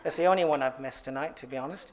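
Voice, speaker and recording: A man's voice: mid-range voice, rapid-fire, crowd noise. A man reading an award tribute speech at a podium, with playful asides and laughing at his own script. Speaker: award presenter. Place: banquet hall at an awards dinner.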